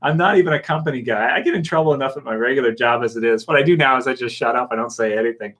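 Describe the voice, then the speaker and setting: A Canadian man talks very fast in a medium-pitched, slightly bright voice as he hosts a casual stream. He rambles, chuckles, and answers what viewers write in the chat.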